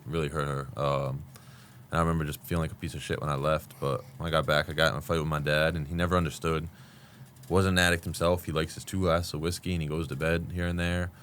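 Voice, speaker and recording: A man's voice: a bass voice, fairly even intonation, fast talker, a bit bright, a little hiss or hum. A man in his thirties, a guest candidly telling his recovery story in a rambling way, full of fillers. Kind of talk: candid podcast conversation.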